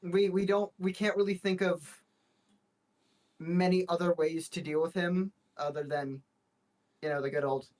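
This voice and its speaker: A man's voice: sits high, flat delivery, a little slow, pauses often, a little mellow. A man playing a tabletop game, talking in a rambling, hesitant way with many restarts. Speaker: player. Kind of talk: casual tabletop game chat.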